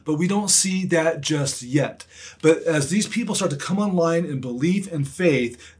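Husky-voiced man preaching earnestly. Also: mid-range voice. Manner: earnest, emphatic preaching with repetition. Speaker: pastor. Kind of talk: sermon.

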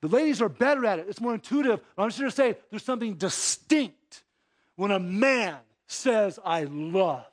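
At a moderate pace and with animated energy, a man preaches as pastor, letting his voice fall into quiet, low asides and swell into emphatic exhortation. He also poses rhetorical questions to the congregation.

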